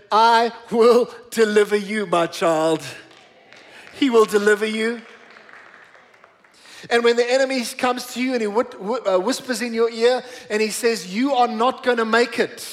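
A middle-aged man preaching a sermon in church, emphatic, repeating words for stress and slowing down on key phrases. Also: very high voice. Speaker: pastor.

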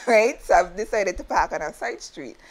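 A woman, co-hosting a casual chat as an animated storyteller who laughs often. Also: mid-range voice, normal speed.

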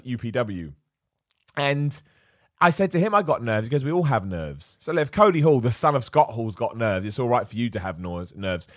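A man hosting a live wrestling show, talking casually, animated, laughing often and repeating himself. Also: medium pitch, no room sound, studio quality. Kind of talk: casual live-stream commentary.

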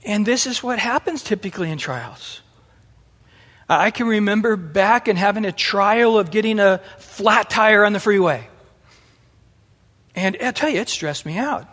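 A middle-aged man preaching a sermon in an animated way, acting out the voices he quotes. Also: high-pitched, unhurried. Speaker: pastor. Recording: long hall reverb.

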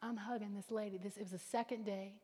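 A woman preaching a sermon with fervor, swinging between loud declarations and hushed whispers. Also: medium pitch, steady tone, fast, slightly rough. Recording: long hall reverb.

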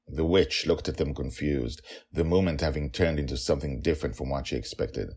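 A man hosting and narrating a daily fantasy story podcast in an animated, chatty way with frequent fillers. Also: very deep voice, normal speed.

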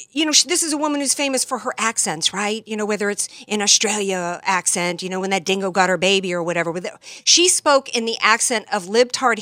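A woman's voice: on the high side, bright, forceful tone, no room sound, clean studio sound. Combative woman hosting a talk show. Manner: combative, sarcastic, rhetorical questions. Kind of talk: opinionated political monologue.

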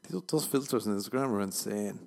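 Low-voiced man, crude rambling podcast host. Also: a little fast, vocal fry, a little mellow. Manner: crude, swearing, self-mocking jokes. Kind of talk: rambling comedic monologue.

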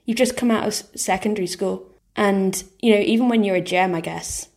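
Young woman, gravelly, "like"-heavy chat. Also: medium pitch, a little fast, darkish tone. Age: 20s. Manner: filler-heavy, lots of "like". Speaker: medical student guest. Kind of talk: casual chat.

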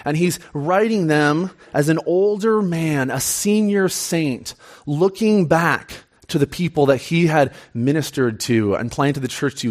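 A young man preaching a sermon in an excitable, chatty, self-deprecating way. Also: mid-range voice.

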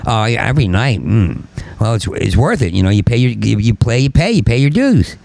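Stuttering gravelly comedian ranting. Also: male voice, on the low side, very animated, a little fast, no room sound. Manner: stuttering, with repeated syllables; angry, swings into shouting. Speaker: stand-up comedian. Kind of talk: profane rambling rant.

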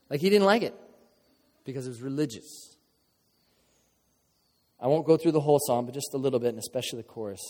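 A man's voice: medium pitch, brisk, pauses often, warm tone. A male pastor giving an informal, joking sermon with sudden emphatic bursts, speaking in a church. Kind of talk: conversational sermon. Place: church sanctuary. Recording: long reverb of a large hall.

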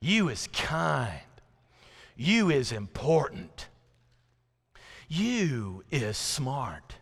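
A man voicing a patient, loving woman nanny, speaking slowly and softly with emphatic repetition. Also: mid-range voice, big pitch swings, vocal fry, husky, big-room sound, exaggerated voice. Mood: tender. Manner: slow, soft, emphatic repetition.

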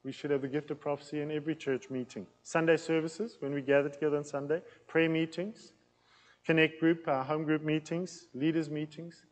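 A man preaching a teaching sermon in a plain, loud, conversational way, with an accent that he says can sound aggressive. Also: fairly high pitch, little pitch movement, a little fast, big-room sound, rough recording. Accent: non-local accent in England. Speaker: pastor teaching a series.

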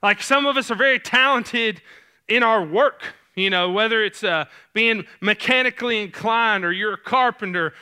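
Southern male youth pastor, easygoing sermon delivery, higher-pitched with a crisp bright tone. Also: normal speed. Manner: casual, conversational preaching with many fillers. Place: church sanctuary stage.

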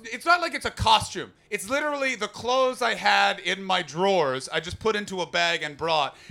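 Young male stand-up comic, bright and fairly high voice, rambling and loud at times. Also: creaky. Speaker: stand-up comedian. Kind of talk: stand-up set. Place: comedy club stage before an audience. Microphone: handheld stage mic.

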